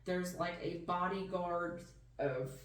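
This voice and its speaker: A woman's voice: on the low side, slow pace. A woman giving a casual tarot reading in an emphatic, folksy manner, calling the listener hon and baby. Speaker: tarot reader. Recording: roomy sound, distant mic.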